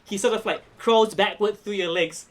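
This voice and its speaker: A man narrating as game master of a tabletop wrestling game, excitable, with announcer-style calls. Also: sits high, moderate pace.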